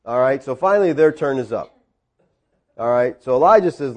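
A man preaching a sermon, telling a story with swings between quiet asides and loud peaks. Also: medium pitch, animated, normal speed. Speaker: pastor.

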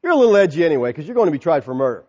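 A man preaching a sermon as pastor, animated and dramatic, acting out voices of a crowd. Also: a little high, very fast. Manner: soft, quiet prayer. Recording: long hall reverb, dull sound.

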